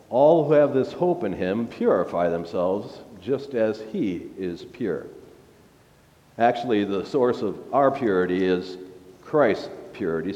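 A male pastor delivers a sermon in a church sanctuary, speaking very slowly and deliberately. His voice carries a long reverb from the hall. The recording sounds somewhat dull and lo-fi. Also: mid-range voice, a little mellow. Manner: slow, deliberate preaching with scripture readings.

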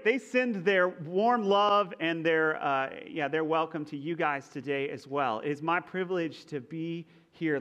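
A young man from Texas with a faint Texan accent, preaching a conversational sermon as pastor with a relaxed, self-deprecating manner. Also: fairly high pitch, dull audio.

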